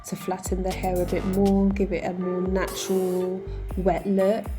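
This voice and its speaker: A young woman, calmly narrating her hair tutorial step by step. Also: fairly low pitch, a little slow, music in the background. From United Kingdom. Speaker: vlogger. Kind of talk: voice-over tutorial.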